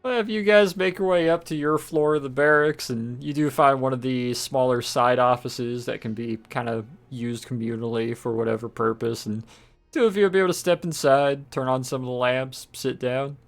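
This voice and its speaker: Guy dm narrating the scene, laid back, mid pitch, some background music. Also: normal speed. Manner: casual, relaxed narration with fillers. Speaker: game master. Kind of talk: narrating a tabletop game.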